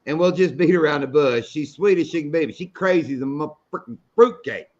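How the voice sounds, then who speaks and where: A man's voice: fairly high pitch, quick pace, a little mellow, dull audio. A middle-aged man hosting a live fishing show, telling stories in a folksy, salty way. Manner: folksy, storytelling, salty language. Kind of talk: casual live-stream chat.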